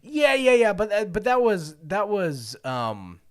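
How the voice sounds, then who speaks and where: A man co-hosting a podcast, telling a story in casual chat, lively and swearing often, with loud outbursts. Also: sits high, a little slow. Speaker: podcast co-host. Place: lives in Japan.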